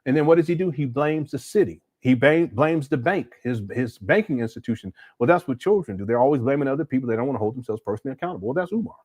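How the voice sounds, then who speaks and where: A man hosts a livestream, speaking bluntly and critically as he answers viewer chats. His voice sits at an ordinary middle pitch, and he often stops and restarts his sentences. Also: lively intonation, fast, hardly any pauses, darkish tone, no room sound. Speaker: host.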